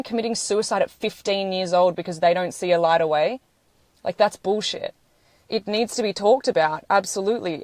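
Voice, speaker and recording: On a live stream, a woman in her thirties delivers an emotional monologue, earnest and sweary and on the verge of tears. Her medium-pitched voice has a slightly mellow quality, recorded dry and close on a phone.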